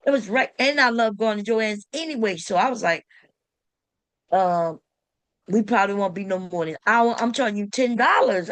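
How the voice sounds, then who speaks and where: A woman who hosts a sewing channel tells a story to camera in a fairly bright, higher voice, with no room sound. She's casual and emphatic, addressing viewers directly with exasperated rhetorical questions.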